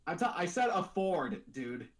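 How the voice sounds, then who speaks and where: A man's voice: sits high, very animated, unhurried. A man co-hosting a casual chat, asking rambling questions full of false starts.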